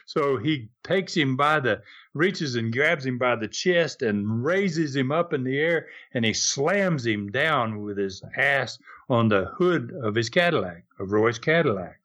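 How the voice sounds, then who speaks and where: A man's voice: mid-range voice, lively intonation, unhurried, fairly bright tone. An older man in his seventies, telling anecdotes as an interview guest, chuckling often and acting out the quotes. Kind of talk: storytelling interview.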